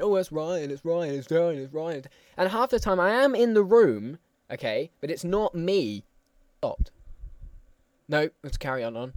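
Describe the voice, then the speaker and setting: Young podcast host, slightly high, loose rambling casual chat. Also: male voice, a little hiss or hum. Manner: chatty, rambling, restarts.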